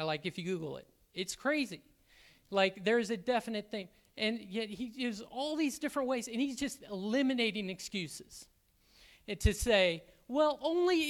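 A man speaking to a church as an elder candidate, excitable and halting, with frequent restarts. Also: high voice. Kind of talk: sermon-style church talk.

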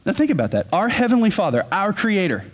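A man preaching a sermon as pastor, earnest, and he slows down to stress key words. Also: high voice, sing-song.

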